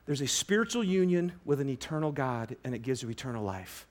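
A man preaching a sermon to a congregation, animated, stretching key words and dropping to a hush for emphasis. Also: medium pitch. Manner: animated preaching, swinging from loud emphasis to hushed, drawn-out words. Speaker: pastor. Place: church auditorium with a congregation.

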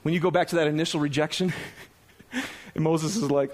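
A man with a high voice preaches a lively sermon. He speaks casually to his congregation, calling them "you guys," and his delivery swings between quiet, low stretches and excited, near-shouted peaks. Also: a little fast. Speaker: pastor.

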